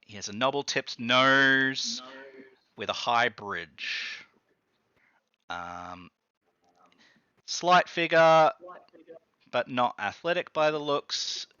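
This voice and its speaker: A man's voice: medium pitch, animated, drawn-out words, pauses often, sharp tone, smooth, dry recording, muffled recording. A man narrating a tabletop game as game master, hesitant and full of ums and restarts.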